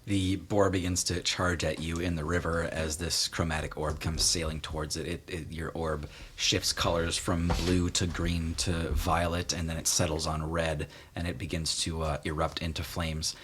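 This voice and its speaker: A man narrating as game master, relaxed, with many fillers and chuckles. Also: extremely low pitch, moderate pace, hardly any pauses, a little hiss or hum.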